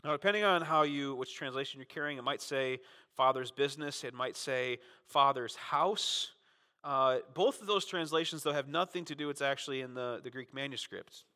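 A man preaching a sermon as pastor, talking conversationally, often adding "right?", and dramatizing quotes with sudden swings in loudness. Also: mid-range voice, normal speed. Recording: long reverb of a large hall.

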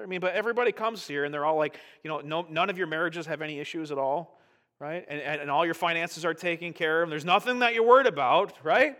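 A middle-aged male pastor giving a conversational sermon, animated and often checking in with "right?". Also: on the high side, fast talker.

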